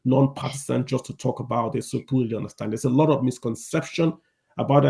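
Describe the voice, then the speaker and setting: A man hosting a live audio discussion, relaxed as he calls on speakers one by one. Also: medium pitch, gravelly, breathy edge. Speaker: host.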